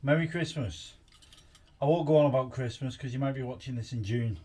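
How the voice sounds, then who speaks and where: A man's voice: medium pitch, a little fast, dark tone. A man chatting casually in his home garage as he unboxes and reviews a tool, rambling and thinking aloud as he goes. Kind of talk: casual chat while unboxing.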